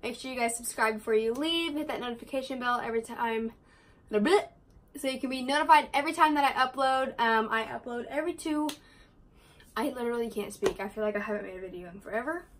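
A young woman chatting casually to her camera as a vlogger, quick and rambling, full of likes and ums. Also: fairly high pitch, a bit bright.

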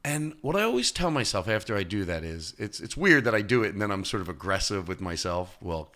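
A male comedian talking as a podcast guest, telling stories in an animated way and jumping into high, loud voices when he quotes people. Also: fairly quick. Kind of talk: casual interview chat.

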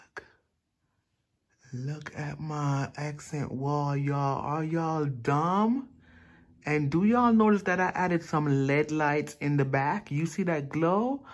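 A man vlogging casually and excitedly, showing off his newly decorated bedroom in slangy chat. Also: a little high, slow pace. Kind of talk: casual home vlog.

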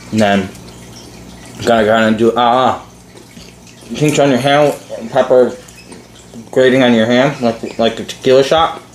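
A man's voice: medium pitch, a little hiss or hum. A man hosting a challenge channel, chatting casually in a laid-back, rambling way with lots of fillers. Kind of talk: casual chat. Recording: echoey room.

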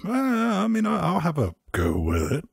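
Husky-voiced podcast host man. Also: high voice, wildly swooping pitch, normal speed, no room sound. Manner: dry, theatrical sign-offs. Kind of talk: casual chat.

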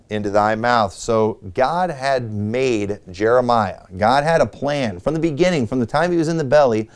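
Earnest male pastor with a smooth voice. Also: mid-range voice, darkish tone. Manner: earnest, direct exhortation with rising emphasis; reads scripture aloud in King James wording. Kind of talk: teaching on preaching. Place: church.

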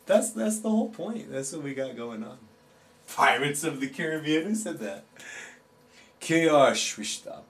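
Far from the mic, a medium-pitched man hosts a live stream while he draws, reading out and answering chat in a laid-back, chatty way. The recording is roomy and off-mic, with faint guitar music.

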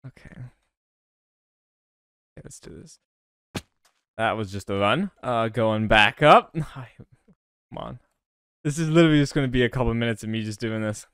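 A man talks his viewers through a game in a casual, self-narrating way, often restarting his words when irritated. His voice is smooth and clear at a middle pitch. The recording is dry and close to the mic. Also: moderate pace, fairly bright tone, dry recording. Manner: frustrated, self-talking, stammering restarts. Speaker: gaming YouTuber. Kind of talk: casual gameplay commentary.

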